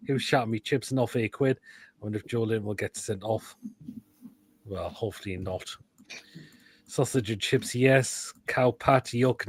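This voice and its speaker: A man at a middle pitch, running a live football stream and judging food pictures. He talks in crude, blunt one-liners and breaks into loud outbursts now and then. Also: no echo. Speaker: host of a live football show. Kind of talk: live-stream chat reacting to food pictures and reading comments.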